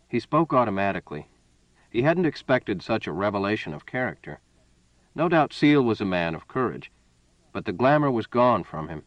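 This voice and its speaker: A man reads a story aloud in a measured, even way, his voice on the low side. The recording is dull and lo-fi, with a dry, close sound. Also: no echo. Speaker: audiobook narrator. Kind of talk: scripted narration.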